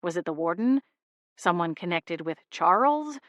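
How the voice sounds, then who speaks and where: Low-voiced woman reading an audiobook. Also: animated, normal speed, no echo, clean studio sound. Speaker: audiobook narrator. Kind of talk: first-person audiobook narration.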